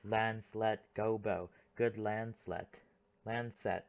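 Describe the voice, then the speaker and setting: A man's voice: lowish voice, fairly even intonation, takes it slowly, gravelly. A man voicing a comic young clown servant, rambling through a monologue in an audiobook play reading.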